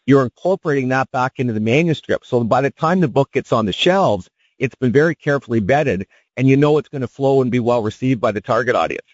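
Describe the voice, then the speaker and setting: A man, an author appearing as a radio guest, explaining his approach with animated enthusiasm. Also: medium pitch, quick pace, dry recording. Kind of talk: radio interview. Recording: dull lo-fi broadcast sound.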